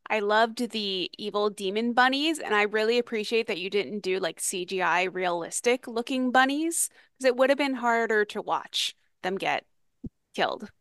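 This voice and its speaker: A woman's voice: medium pitch, normal speed, a bit bright, clear, resonant tone, no room sound, studio quality. A woman interviewing a filmmaker, enthusiastic and playful in her questions. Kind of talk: casual interview.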